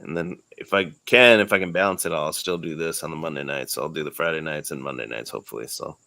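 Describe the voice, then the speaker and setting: Low-voiced laid-back man hosting a stream. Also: quick pace, gravelly, sharp tone, no echo. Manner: laid-back, mumbly, trailing off. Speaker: stream host. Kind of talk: casual stream sign-off chat.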